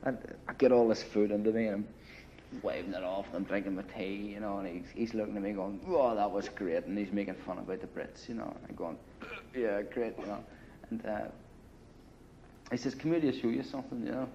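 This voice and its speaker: This Irish ex-paramilitary, an older man, speaks fast in a low, steady, mellow voice while recounting his history. He tells it bluntly and casually, swearing often and leaning on "you know." A little hiss or hum sits under the slightly muffled recording.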